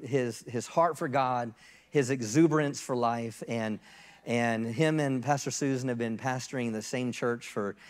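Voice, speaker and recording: Host pastor, man in his 50s, mid-pitch, halting intro, echoing church hall. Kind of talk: introducing a guest speaker. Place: church sanctuary.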